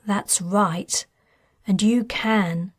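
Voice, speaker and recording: A woman voicing an anxious young mother searching for her children, speaking in a hesitant, halting way. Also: medium pitch, slightly rough, no room sound, clean studio sound. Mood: wary.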